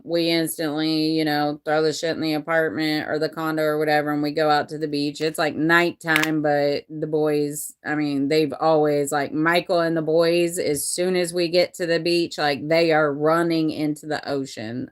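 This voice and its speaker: A woman in her forties with a low-pitched voice, speaking casually to camera about her own life. She rambles and restarts often and swears without a second thought, in a frank, unpolished tone. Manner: rambling and candid, with frequent profanity and restarts. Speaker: vlogger telling a personal story. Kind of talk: candid personal storytelling.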